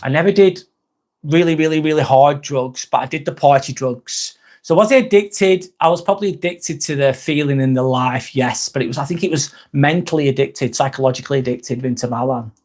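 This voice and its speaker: A man's voice: medium pitch, fairly quick, a little mellow. A middle-aged man with an English accent chatting candidly on a live stream, rambling and reading viewer comments aloud. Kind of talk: casual live-stream chat.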